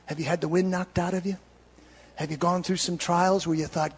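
A male pastor preaching a sermon, storytelling and swinging between loud exhortation and hushed confession. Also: fairly high pitch, fairly even intonation, normal speed, breathy edge. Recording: reverberant hall.

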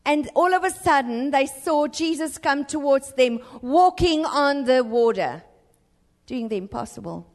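A woman preaching to a church congregation, her high voice pressing hard and then falling quiet. The long reverb of a church hall trails after each line. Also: expressive, measured pace. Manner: impassioned, rising to urgent exhortation and dropping to hushed tones. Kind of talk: sermon.

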